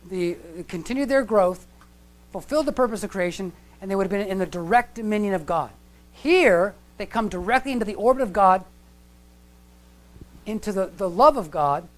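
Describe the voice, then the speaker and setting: A middle-aged man giving a lecture-style sermon in a church hall, talking conversationally with restarts and asides. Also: high-pitched. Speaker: church speaker.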